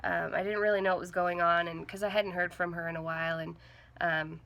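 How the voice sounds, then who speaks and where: A young woman vlogger telling a personal story to the camera in an earnest, halting way, with many "like"s and "um"s. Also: on the low side, fairly even intonation, vocal fry, muffled recording. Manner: earnest, halting, heavy with fillers like "like" and "um".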